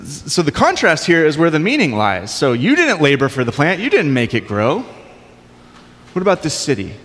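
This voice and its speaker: A man's voice: on the high side, huge pitch swings, normal speed, fairly bright tone, big-room sound. A man preaching a sermon in a conversational way, with casual asides. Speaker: pastor.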